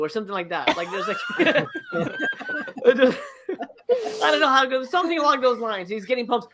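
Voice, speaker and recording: A woman's voice: mid-range voice, expressive, moderate pace, a bit bright. Woman ranting on a podcast about a dumb movie ending, swears a lot, mocks the scenes. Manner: exasperated, profane, acts out scenes in mocking voices. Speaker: podcast co-host reviewing a movie. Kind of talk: casual podcast chat.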